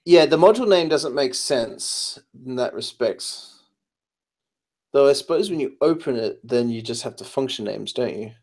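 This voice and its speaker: A man's voice: medium pitch, expressive, normal speed, a little mellow. Tired man explaining code, full of ums. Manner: explanatory, hesitant with many fillers, tired. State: tired, late at night. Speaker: programmer giving advice. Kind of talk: casual pair-programming chat.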